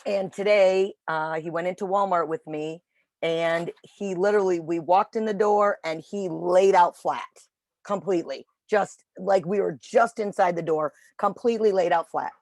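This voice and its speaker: A woman telling a dog-training story in casual chat on a video call, animated when quoting. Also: on the low side, moderate pace, no room sound. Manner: chatty storytelling, animated voices for quotes. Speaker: puppy raiser trainer.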